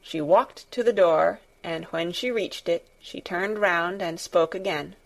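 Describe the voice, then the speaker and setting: A woman narrating a children's classic as an audiobook, in a measured, expressive storytelling manner. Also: lowish voice, gravelly. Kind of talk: scripted narration.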